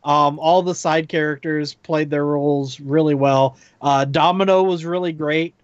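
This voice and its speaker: A man co-hosting a casual chat podcast, talking in a measured way with many ums and likes. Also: fairly high pitch, steady tone, no room sound. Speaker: podcast co-host. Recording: dull lo-fi recording.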